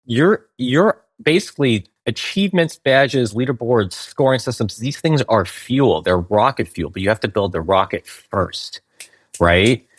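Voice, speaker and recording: A man's voice: mid-range voice, expressive, a little slow, no echo. A man, a game company founder, explaining in a conversational interview, tagging points with "right?" and restarting sentences.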